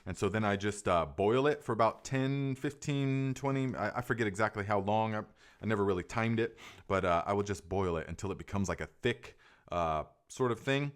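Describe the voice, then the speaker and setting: A man's voice: fairly low pitch, a little fast. A middle-aged man hosting a live gardening Q&A, rambling and enthusiastic, full of fillers and restarts. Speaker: gardening podcast host. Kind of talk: casual live Q&A chat.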